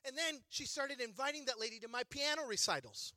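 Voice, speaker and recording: A high-pitched man in his forties preaches in an animated, humorous storytelling style. His voice is very bright and forceful. The sound is dry and close. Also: a little fast, no room sound. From Chicago area, USA. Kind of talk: storytelling sermon.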